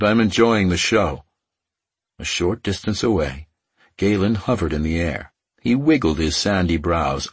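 A man narrating a romance fantasy audiobook in a steady reading voice, lifting or dropping his voice a little for the characters' dialogue. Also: low voice, husky, no room sound. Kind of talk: scripted narration.

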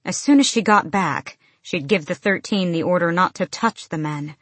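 Low-voiced woman narrating a fantasy audiobook. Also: normal speed, a bit bright, no echo.

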